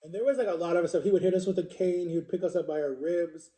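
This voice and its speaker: Mellow-voiced man rambling through a story. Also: high voice, fast, reverberant. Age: 40s. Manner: rambling, filler-heavy, repeats words. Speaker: vlogger. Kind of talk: casual storytime monologue.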